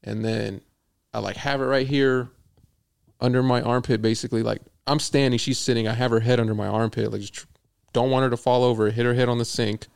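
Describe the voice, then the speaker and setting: A young man with a gravelly, creaky edge to his voice tells a long, rambling work story. He swears freely, laughs a lot and keeps it loose and conversational, like a podcast co-host talking with friends. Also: mid-range voice, steady tone, brisk, darkish tone. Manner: profane, rambling, laughs often. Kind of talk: casual storytelling chat.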